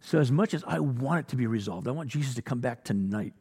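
A male pastor delivers a sermon with a gravelly edge to his voice. He speaks bluntly and exhorts his listeners, firing rhetorical questions and plain challenges at them. His words ring with the long reverb of a church hall. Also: mid-range voice, animated, quick pace, darkish tone.

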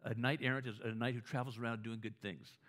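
A man talks fast in a mid-range, slightly bright voice with fairly even intonation, preaching a conversational sermon. He tells stories, restarts and repeats words often, and asks whether the audience agrees.

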